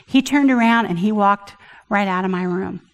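An older woman giving an earnest personal testimony at church, halting often and restarting her sentences. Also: mid-range voice, long reverb tail. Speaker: church speaker.

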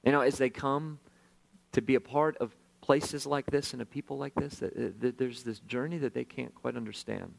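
Male pastor, middle-aged, conversational testimony-style sermon, hushed to animated. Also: medium pitch, normal speed, vocal fry. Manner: conversational, self-deprecating, swings from hushed to animated. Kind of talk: sermon storytelling.

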